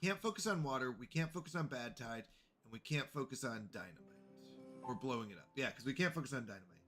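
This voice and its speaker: A man with a bright, forceful voice chats casually with his viewers while he plays. His talk is friendly and rambling, and faint music sits underneath. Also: mid-range voice, lively intonation, fast talker. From Canada. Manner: chatty, friendly, talks to chat. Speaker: streamer. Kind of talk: casual chat while playing a game.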